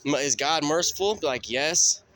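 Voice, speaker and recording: A man's voice: medium pitch, a little fast, bright, forceful tone, dry recording. A man vlogging as he walks a city street at night, rambling and swearing in a stream of thought. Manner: rambling, profane, stream of consciousness. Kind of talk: rambling night walk vlog. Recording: faint street noise and passing cars.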